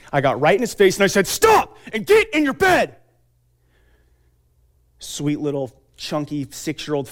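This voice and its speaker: Speaking at a conference, this thirty-something man gives a sincere motivational speech in a fairly high-pitched voice. He uses dramatic pauses and punches out lists with emphasis.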